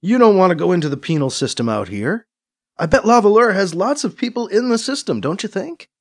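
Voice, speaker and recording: A man's voice: high-pitched, very animated, fairly quick, pitched above the performer's own voice. A man voicing a wry, caring young man in an audiobook, dry and teasing yet earnest. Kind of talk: audiobook character voice.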